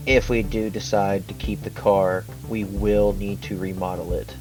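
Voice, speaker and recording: A man's voice: lowish voice, level tone, normal speed, music in the background, low-quality recording. A man playing a tabletop game, making dry, joking asides. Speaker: player. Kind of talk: casual tabletop play.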